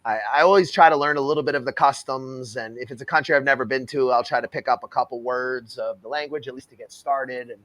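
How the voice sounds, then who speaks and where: A man's voice: mid-range voice, fast talker, few pauses, a bit bright. A man hosting a casual reaction chat, talking bluntly and laughing at the clips he watches.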